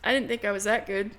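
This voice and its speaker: A woman's voice: medium pitch, a bit bright. A woman streamer chatting and reading a visual novel aloud, giggling often and voicing each character. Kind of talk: casual chat and dramatic read-aloud narration.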